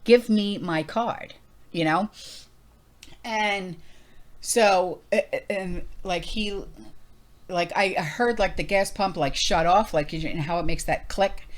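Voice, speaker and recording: A woman from New Jersey hosting a prepping vlog, telling a story in an animated, emphatic rant full of fillers. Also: on the low side, measured pace. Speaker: prepping channel host. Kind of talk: casual rant to viewers.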